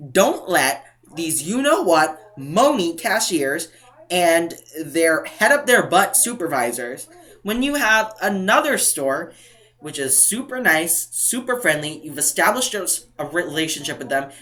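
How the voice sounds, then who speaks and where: Bright-voiced, indignant young man. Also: on the high side, unhurried. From New England. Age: young adult. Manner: animated, indignant retelling, acts out quotes. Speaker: couponing vlogger. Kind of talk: casual storytime vlog.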